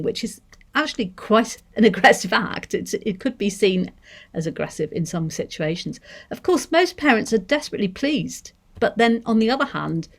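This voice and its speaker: A woman with a Manchester accent giving a seminar talk on deaf education, measured and thoughtful, pausing to rephrase. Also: lowish voice. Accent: English, Manchester. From Manchester, England. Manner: measured, thoughtful, with restarts and hedges.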